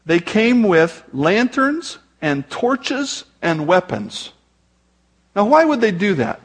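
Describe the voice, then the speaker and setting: Pastor, male, high and husky; conversational sermon delivery with joking asides. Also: sing-song, slow pace.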